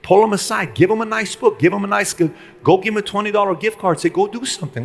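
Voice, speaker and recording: A man's voice: sits high, quick pace, vocal fry, big-room sound. A man giving a live motivational speech to a room, punchy and full of rhetorical questions. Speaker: motivational speaker.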